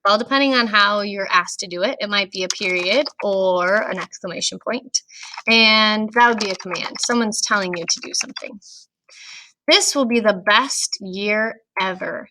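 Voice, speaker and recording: Woman, teacher, bright voice, clear and patient, grammar lesson for kids. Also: mid-range voice, moderate pace, slight background noise, rough recording. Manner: clear, patient, talks to young students. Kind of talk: recorded grammar lesson for children.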